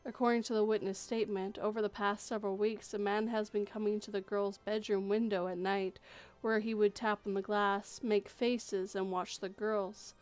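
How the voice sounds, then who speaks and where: A woman reading the lines of a male police sergeant who gives a measured, matter-of-fact report. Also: medium pitch, little pitch movement, clean tone, natural voice. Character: stern male police sergeant giving a statement.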